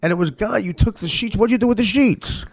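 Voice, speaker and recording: A man's voice: high-pitched, quick pace, gravelly, no echo. A man hosting a podcast, telling crude comic stories in a rambling, stammering way and laughing at his own jokes. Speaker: podcast host. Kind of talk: crude comedic storytelling.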